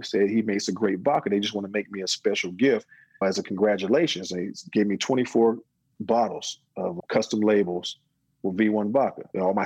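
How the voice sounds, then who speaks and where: A middle-aged man, an interview guest and business owner, talking casually and telling his story with lively quoted dialogue. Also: lowish voice, husky, no room sound, low-quality recording. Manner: storytelling, animated when quoting others.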